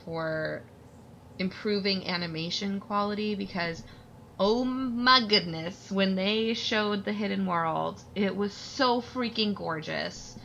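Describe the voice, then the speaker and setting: A woman's voice: medium pitch, slow, creaky, a bit bright. A young woman in casual chat, gushing with enthusiasm. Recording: dull, slightly hissy mic.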